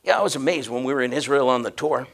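A man's voice: medium pitch, fast. A man preaching a humorous sermon, telling a story with jokes and frequent laughter. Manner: animated, joking, laughs often.

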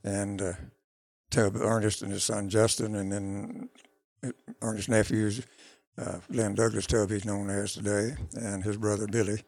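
A man's voice: lowish voice, little pitch movement, vocal fry, a little mellow, no echo. An older man, a country musician, telling long, rambling stories about his past in a casual interview. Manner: rambling, unhurried recollection with restarts.

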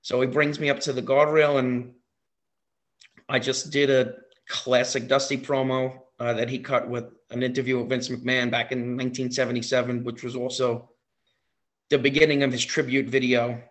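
In a medium-pitched voice at normal speed, a man tells a story as a guest. He's a wrestling impersonator, and his delivery is excited and casual, with plenty of filler words and repetition.

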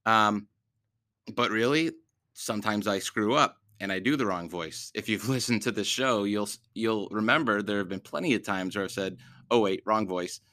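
Bright-voiced man hosting a book podcast. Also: lowish voice, normal speed, no room sound. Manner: chatty, rambling with many fillers. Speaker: podcast host reading books aloud; teacher. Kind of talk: casual podcast chat.

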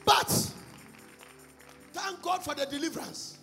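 A man preaching a sermon in a church, swinging between shouted and sung phrases and repeating lines for emphasis. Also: very high-pitched, a little slow. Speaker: pastor. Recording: long reverb, faint music behind.

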